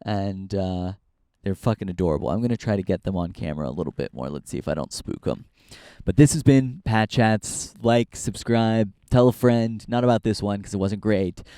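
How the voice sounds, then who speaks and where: A man's voice: fairly low pitch, normal speed, dark tone, clean tone, dry recording, studio quality. Rambling, profane young man on a hike. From Northern California. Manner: rambling, profane, self-deprecating. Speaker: podcast host. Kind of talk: casual walk-and-talk vlog. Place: outdoors on a lakeside hiking trail.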